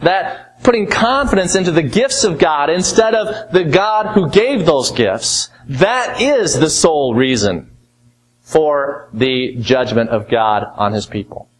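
Male preacher teaching scripture, slightly high voice, emphatic then hushed. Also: expressive, takes it slowly, rough recording. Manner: teaching, asks rhetorical questions. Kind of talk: expository sermon.

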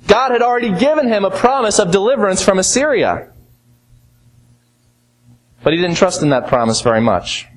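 A man's voice: high-pitched, animated, moderate pace, pauses often, poor audio. Man preaching, rhetorical questions. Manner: teaching, asks rhetorical questions. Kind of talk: expository sermon.

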